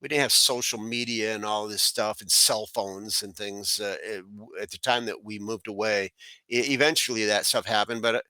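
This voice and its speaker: Man, middle-aged, from South Florida, rambling storyteller, lowish bright voice, dry close sound. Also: steady tone, moderate pace, no room sound. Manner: rambling, many fillers and restarts. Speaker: guest. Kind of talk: casual storytelling.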